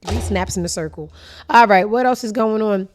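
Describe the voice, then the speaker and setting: A woman's voice: mid-range voice, normal speed, a little hiss or hum. A woman hosting a casual commentary show, sassy, blunt and profane, speaking. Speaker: host.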